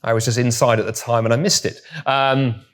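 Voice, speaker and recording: A man's voice: medium pitch, steady tone, brisk. A man speaking to a live audience, telling a story with wry, humorous asides. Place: room with audience.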